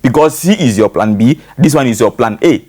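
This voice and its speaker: A man with a Nigerian English accent talks through his point at a steady medium pitch. He is a talk show guest, circling his argument with analogies and frequent fillers. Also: a little fast, husky. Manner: explains by analogy, many fillers like "you know". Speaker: panel guest.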